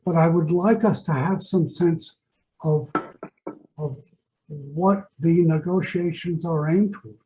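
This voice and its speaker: A man's voice: fairly high pitch, takes it slowly, noisy background. A man on a video call with the hiccups, insistently stating his preferences in a board meeting. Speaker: board member. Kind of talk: business meeting discussion.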